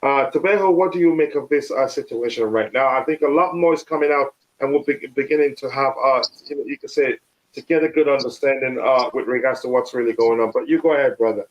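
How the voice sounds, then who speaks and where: A man hosting a live football stream, talking casually with many fillers and restarts, his voice a little hoarse. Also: medium pitch, fast talker, lo-fi sound. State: slightly hoarse.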